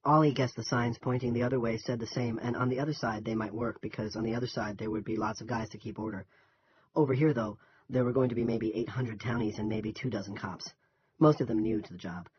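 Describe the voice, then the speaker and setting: A man reading a novel aloud as an audiobook narrator in an even, measured manner. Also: medium pitch, slight background noise. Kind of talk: scripted narration. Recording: dull lo-fi recording.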